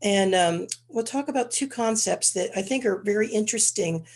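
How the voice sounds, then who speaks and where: A congested woman presenting an educational webinar in a measured, explanatory way. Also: medium pitch. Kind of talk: educational lecture.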